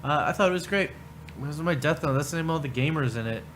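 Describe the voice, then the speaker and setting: A man's voice: on the high side, expressive, quick pace, fairly bright tone, a little hiss or hum. A man hosting a livestream, commenting casually with profane, sarcastic remarks. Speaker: livestream host.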